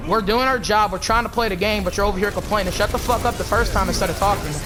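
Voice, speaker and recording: A man's voice: sits high, quick pace, background noise. A gaming YouTuber, a man, arguing heatedly in voice chat and then commenting, combative and repetitive, swearing often.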